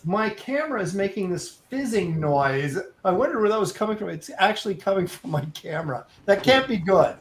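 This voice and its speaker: A man's voice: high voice, animated, a little fast, few pauses. A middle-aged man co-hosting an art show, chatting casually and opinionated, poking fun at himself while he draws. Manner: wry, opinionated, self-mocking. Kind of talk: casual chat while drawing.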